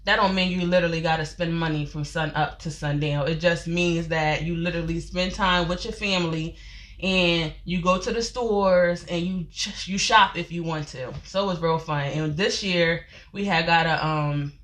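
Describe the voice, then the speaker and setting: A chatty woman, talking to her livestream viewers. Her voice sits a little low, and she sounds slightly out of breath as she greets everyone with a folksy y'all. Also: fairly even intonation, normal speed, a bit bright. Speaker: life coach and company founder. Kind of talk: casual livestream chat.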